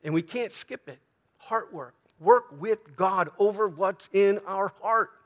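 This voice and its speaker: A male pastor preaching a sermon earnestly, dropping into soft, prayerful tones. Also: high voice, slow.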